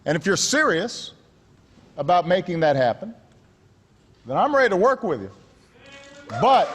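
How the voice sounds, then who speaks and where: A man delivers a rally speech with emphatic, rousing oratory. His voice sits high. The sound rings with a long hall reverb, and faint crowd murmur and noise sit underneath. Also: very animated, a little slow, pauses often. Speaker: politician giving a speech. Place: large event hall.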